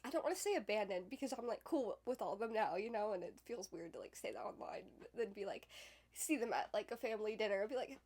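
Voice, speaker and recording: A woman's voice: medium pitch, expressive, quick pace, a little mellow. A young woman hosting a podcast, telling a candid personal story in a rambling, emotional way with lots of "like". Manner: rambling, emotional, heavy use of "like". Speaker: podcast host.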